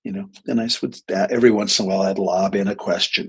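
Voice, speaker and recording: A man's voice: on the low side, steady tone, racing, gravelly, hardly any pauses, breathy edge, rough recording. A middle-aged man, a psychologist hosting a live stream, telling a story in a rambling, casual way full of restarts and quoted dialogue. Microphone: webcam or desk mic on a live stream.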